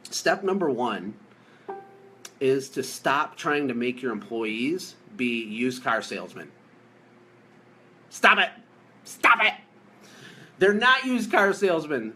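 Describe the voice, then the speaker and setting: Upbeat male coach from the US, a bit higher-voiced, joking and hammering key points on a live stream. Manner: energetic, jokey, emphatic, repeats key phrases. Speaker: business coach.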